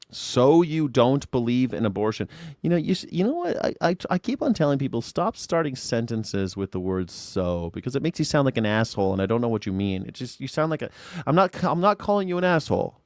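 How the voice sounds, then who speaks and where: A male talk show host in loose, unscripted chat who rants about how people word their questions and mimics them with scorn. His pitch leaps and dips all over as he talks. The sound is dry and close, with almost no room around his voice. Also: big pitch swings, fast talker, dry recording. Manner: ranting, mocking callers' phrasing. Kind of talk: casual livestream chat.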